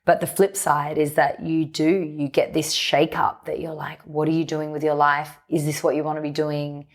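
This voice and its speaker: A woman speaks as a podcast guest, her voice sitting low. She talks candidly and reflectively, letting her thoughts run on in long, unhurried stretches. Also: flat delivery. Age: 30s. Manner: open, reflective, speaks in long flowing runs. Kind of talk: candid conversational interview.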